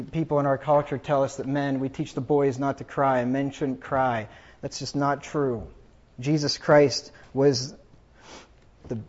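A man's voice: mid-range voice, darkish tone, muffled recording. A man preaching a funeral sermon, reading scripture aloud with rising emphasis.

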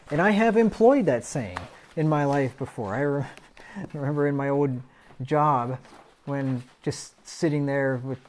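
A man's voice: medium pitch, darkish tone. Middle-aged male preacher, casual Bible study, reads verses aloud, self-deprecating chuckles. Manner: conversational, reads scripture aloud, chuckles at himself.

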